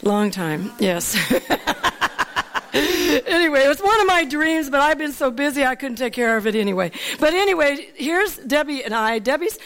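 Woman preacher, high voice, lively storytelling, laughs often. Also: moderate pace. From Alaska. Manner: animated, laughing storyteller who asks the audience "Amen?". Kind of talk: storytelling sermon.

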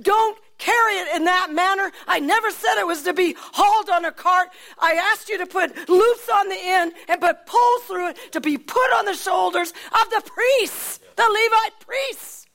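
A woman voicing God as a stern, fed-up male figure who scolds loudly. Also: extremely high pitch, moderate pace, gravelly, hardly any pauses, pitched above the performer's own voice, full character voice. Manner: scolding, emphatic, raised voice.

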